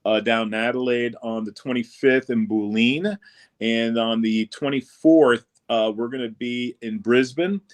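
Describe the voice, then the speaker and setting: A man, a comedian guest on a radio show, telling rambling stories in casual chat. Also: mid-range voice. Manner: rambling storytelling, acts out voices.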